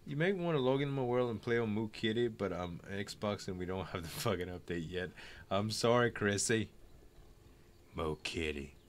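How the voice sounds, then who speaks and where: A man's voice: lowish voice, animated, moderate pace. A tipsy man chatting and joking while streaming a game. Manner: rambling, joking, playful. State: tipsy from wine. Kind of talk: casual gaming chat.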